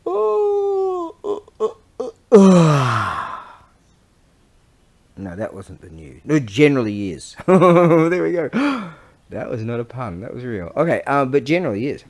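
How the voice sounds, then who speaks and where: A man talking in a casual, rambling vlog monologue. He swears a lot, laughs often and sometimes drops to a low mutter while he works. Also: big pitch swings, normal speed, dry recording. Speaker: vlogger.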